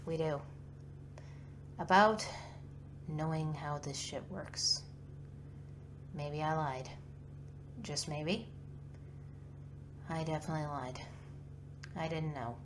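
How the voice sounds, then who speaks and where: A woman's voice: sits low, steady tone, takes it slowly, long pauses, noisy background. A woman voicing a guarded, hostile woman ex-soldier who speaks bluntly and curtly. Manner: blunt, curt.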